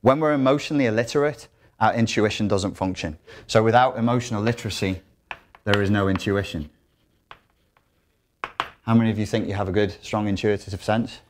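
A man with a somewhat low voice leads a live workshop talk to an audience. He is blunt and profane, joking with the room and often breaking off to restart a sentence. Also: fairly quick, long pauses, slight background noise. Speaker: workshop speaker.

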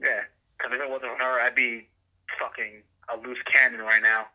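A man's voice: medium pitch, flat delivery, normal speed, pushed and bright, rough recording. A man in casual podcast chat, candid and wry with a cynical streak.

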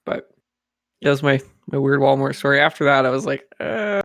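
A man's voice: mid-range voice, normal speed, fairly bright tone, no echo, clean studio sound. A young man casually telling a rambling story among friends, with lots of fillers.

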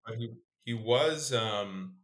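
Excitable man in casual podcast banter. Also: mid-range voice, takes it slowly. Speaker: podcast co-host. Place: home podcast setup in Calgary.

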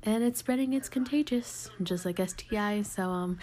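A young adult woman co-hosting a casual podcast, telling candid, crude stories in a lively, joking way. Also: medium pitch, normal speed. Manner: candid, crude, animated storyteller. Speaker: podcast co-host.

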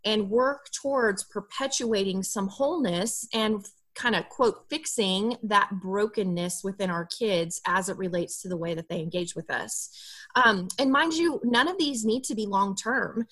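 A woman with a bright, forceful voice explains therapeutic parenting in a relaxed podcast interview. She talks expressively and slips into a soft, gentle tone when she acts out what a parent might say to a child. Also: medium pitch, unhurried. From Alabama, USA. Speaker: guest therapist.

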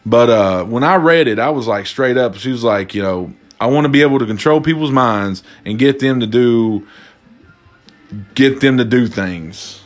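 A man hosting a casual, comedic talk, reading out viewer submissions and reacting with loud, profane amusement. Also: mid-range voice, normal speed, soft background music. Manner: animated, laughing, profane, cracks up. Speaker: host.

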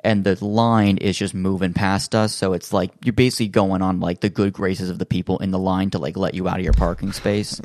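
Rambling, chatty man with a lower voice. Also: flat delivery, brisk, few pauses, darkish tone, dry recording, studio quality. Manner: rambling storyteller, heavy on fillers and restarts; acts out quoted voices in his stories. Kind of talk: casual chat.

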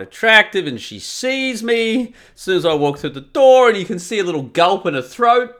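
A man's voice: high-pitched, a little fast, hardly any pauses. A middle-aged man ranting profanely through a comic podcast monologue. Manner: sweary, ranting, animated. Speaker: podcast host.

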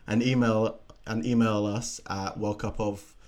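A man's voice: fairly low pitch, little pitch movement, a little slow, darkish tone. A young man co-hosting a podcast, stumbling over his plugs and laughing at himself. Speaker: podcast co-host. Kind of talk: casual chat, reading out show plugs.

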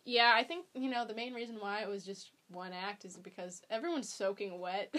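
A woman's voice: medium pitch, normal speed, a bit bright. A young woman chatting casually as a podcast guest, rambling with many ums and likes. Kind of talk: casual chat.

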